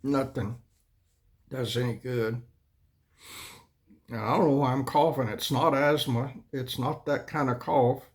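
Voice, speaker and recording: A man, hosting his own channel in a folksy, rambling, complaining monologue, often coughing and clearing his throat. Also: mid-range voice, fairly even intonation, a little slow, long pauses. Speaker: channel host.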